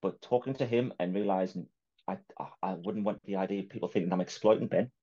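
A man's voice: low-pitched, quick pace, mellow, slightly rough, muffled recording. A man with a Geordie accent hosting a podcast, chatting casually, laughing often and acting out little quotes. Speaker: podcast host. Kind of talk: casual chat.

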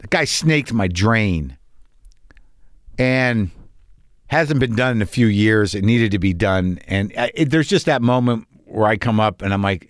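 A man's voice: on the low side, no room sound, clean studio sound. A man in his fifties, hosting a podcast, rambling through a casual, profane, self-deprecating monologue. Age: 50s. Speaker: podcast host.

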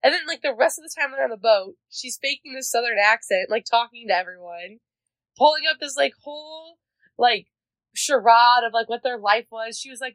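A woman with a fairly high voice, recorded dry and close with no room sound. She co-hosts a casual book podcast, eagerly agreeing and quoting characters. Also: expressive, a little fast, a bit bright, no echo, poor audio. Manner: enthusiastic, frequent agreeing and quoting. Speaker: podcast co-host.

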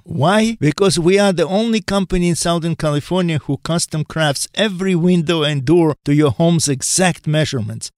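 A man with a Latvian accent pitching his own company in a radio advertisement, repeating a phone number slowly. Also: no echo, clean studio sound, close to an everyday voice. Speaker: business owner in radio ad.

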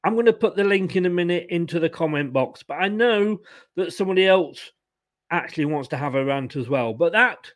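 A man's voice: on the high side, animated, a little fast. A man with an exasperated, sarcastic manner, hosting a football fan live stream, ranting about his team and reading out viewer comments.

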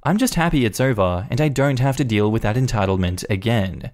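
A man reading a first-person Reddit story aloud in an animated, indignant storytelling manner. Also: medium pitch, fairly quick. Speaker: story narrator.

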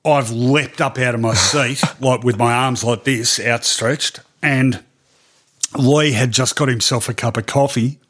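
A middle-aged Australian man recounting his years as a sports journalist in a relaxed interview. His voice sits at a medium pitch, and he speaks animatedly, with frequent ums and laughs. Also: a little slow. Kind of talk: animated storytelling in a podcast interview.

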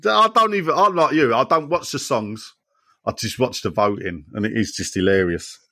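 Reading listener messages at a normal speed, this podcast host has a voice on the low side and jokes animatedly with his co-hosts. The recording is dry and studio quality.

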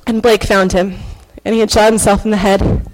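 A woman's voice: medium pitch, flat delivery, moderate pace, slight background noise, rough recording. A woman in her thirties giving an earnest, emotional personal faith testimony on a church stage, with hesitant fillers. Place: church stage before an audience.

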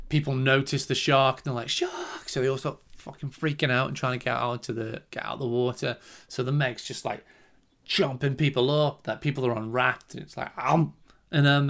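A young man hosting a podcast, giving a casual film review in a chatty, rambling way, laughing often and swearing freely. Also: mid-range voice.

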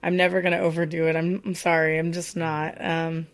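Young woman co-host, low voice with vocal fry, giggly chat. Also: flat delivery, a little fast. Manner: chatty, giggly, self-deprecating. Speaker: podcast co-host. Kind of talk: casual podcast chat.

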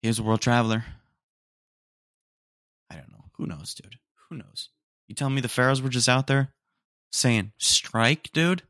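A man's voice: medium pitch, moderate pace, pauses often, fairly bright tone, no room sound, studio quality. A young man hosting a casual solo podcast, rambling in slangy, mock-indignant asides and saying "dude" again and again. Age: young adult. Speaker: podcast host. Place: room at home, roommates nearby.

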